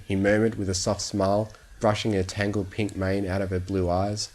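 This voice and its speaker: A calm, low-voiced man reading a bedtime story. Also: moderate pace, hardly any pauses. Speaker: fan fiction reader. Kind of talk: sleep story narration.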